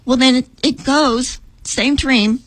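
Middle-aged woman telling a dream story, kinda husky, dry close sound, acts out the voices. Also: takes it slowly, no echo, poor audio. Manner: animated, acts out her own lines in a higher voice. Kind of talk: emotional storytelling.

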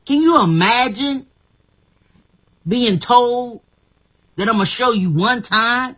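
Woman guest, husky and bright, slow and emphatic, talks with lots of repeats. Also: medium pitch, animated. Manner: emphatic, repeats herself, laughs often. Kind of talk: inspirational interview talk.

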